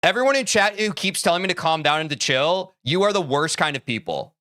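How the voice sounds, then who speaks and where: A young man streaming live and lecturing his chat. His voice is high and lively, leaping up and down as he rants. Music plays clearly behind him. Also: fairly quick. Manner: heated, preachy, addresses chat directly.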